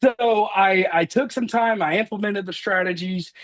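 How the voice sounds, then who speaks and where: A man in his thirties giving an earnest motivational talk, energetic as he tells personal stories on a call. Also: high-pitched, normal speed. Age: 30s. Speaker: motivational speaker.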